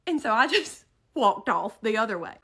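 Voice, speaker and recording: A woman tells a story in an animated, dramatic way. Her voice sits high and swings widely in pitch. The tone is bright and forceful. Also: normal speed, husky. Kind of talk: storytime narration.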